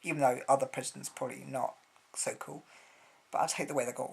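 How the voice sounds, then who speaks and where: A man's voice: medium pitch, steady tone, fast talker, vocal fry, darkish tone, a little hiss or hum. A man from Britain, rambling through a casual opinion vlog with blunt words and lots of hesitations. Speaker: vlogger.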